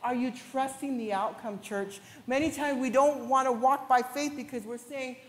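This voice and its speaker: A woman pastor preaching a sermon with passion, at times rising to shouts. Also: high-pitched, moderate pace. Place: large church hall. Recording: echoey church hall with long reverb.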